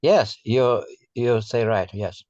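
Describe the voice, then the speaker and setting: A man answers his teacher in careful, halting English. His voice sits at a middle pitch. The sound is dry, as on a video call. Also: darkish tone, no room sound, dull audio. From Russia. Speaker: student.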